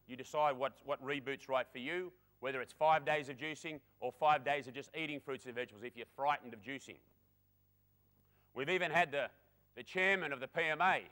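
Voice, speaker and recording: A man giving a lively conference keynote, chatty and energetic, speaking straight to the audience. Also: on the high side. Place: conference hall.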